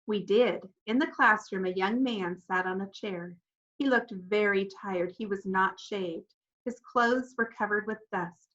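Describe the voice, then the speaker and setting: A woman narrating a children's novel in first person, animated and expressive, acting out the children's voices. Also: mid-range voice, measured pace, muffled recording. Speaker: audiobook narrator.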